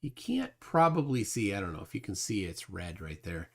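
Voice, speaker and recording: A man's voice: fairly low pitch, sing-song, moderate pace, creaky. A man hosting a casual livestream, reading viewer comments aloud and rambling with lots of fillers. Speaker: livestream host reading chat.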